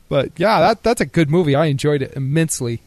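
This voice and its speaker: A man co-hosting a laid-back podcast, his voice sitting a little high. He jokes and slips into sarcasm, laughing easily, and the sound is dry and close to the mic. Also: darkish tone, no room sound. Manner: joking, sarcastic, laughs often. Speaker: podcast co-host. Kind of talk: casual chat.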